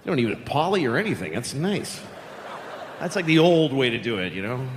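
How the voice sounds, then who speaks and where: A man in his fifties from Boston doing stand-up, deadpan storytelling with mocking voices. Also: mid-range voice, fairly quick, in a large hall, slight background noise. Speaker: stand-up comedian. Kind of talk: stand-up routine and casual chat.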